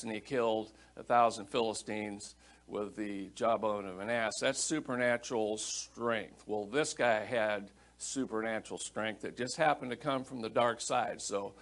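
A middle-aged man teaches scripture from the pulpit in a relaxed, conversational, storytelling way. He reads verses aloud and then talks them through as if chatting with the congregation. His voice sits in an ordinary middle pitch. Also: creaky. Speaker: pastor. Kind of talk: sermon, Bible teaching.

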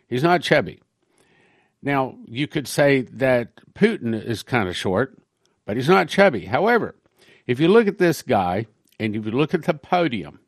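A man's voice: medium pitch, no room sound, studio quality. A man, a pastor, giving a conversational sermon-style talk on prophecy, reading quotations aloud between his own remarks.

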